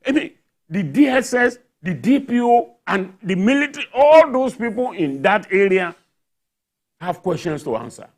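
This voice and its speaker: High-voiced guy on a tv news panel, worked up, keeps asking who answers for it. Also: sing-song, moderate pace, darkish tone. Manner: indignant, rhetorical questions, repeated emphasis. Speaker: journalist panelist. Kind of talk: studio panel discussion. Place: television studio.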